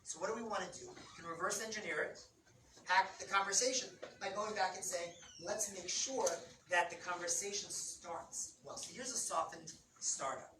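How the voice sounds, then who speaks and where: Animated woman explaining, roomy distant sound. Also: fairly low pitch, moderate pace, noisy background. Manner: animated, acts out quoted couples. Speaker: couples therapist. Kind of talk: explanatory talk on relationships.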